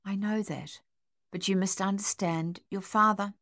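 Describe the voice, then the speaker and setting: A woman voicing a worried mother who pleads with her son in a hushed voice. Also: mid-range voice, steady tone, unhurried, no room sound, clean studio sound. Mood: pleading.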